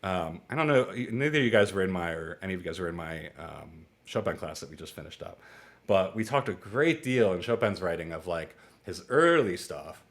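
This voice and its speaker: A man in his forties teaching music theory in a casual, chatty lecture, digressing into stories and acting out little exchanges. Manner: chatty and digressive, with quick asides and laughs; acts out dialogue with lively jumps in pitch. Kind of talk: casual lecture to a small online class.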